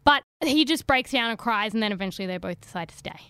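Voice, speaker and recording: A woman's voice: on the high side, expressive, fast talker, sharp tone, clear, resonant tone, no echo, studio quality. A woman co-hosting a podcast, retelling scenes and acting out what people said. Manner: storytelling recaps, acts out other people's lines. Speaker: podcast co-host. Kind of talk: casual chat.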